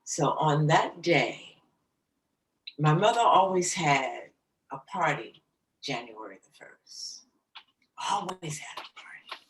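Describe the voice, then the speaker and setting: A middle-aged woman, a jazz singer as guest, slowly and emotionally telling a personal story in an interview. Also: deep voice, lively intonation, reverberant, far from the mic, poor audio. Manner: slow, soft, emotional recounting. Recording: voice slightly off-mic, faint background noise.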